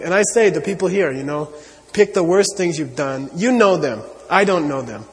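A man's voice: a little high, expressive, moderate pace, few pauses, big-room sound. A man giving an earnest spiritual talk to an audience, repeating his points and often saying "you know.". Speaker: Buddhist teacher.

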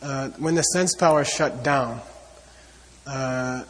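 A man's voice: mid-range voice, takes it slowly, long reverb tail. A man giving an earnest spiritual talk to an audience, repeating his points and often saying "you know.". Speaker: Buddhist teacher.

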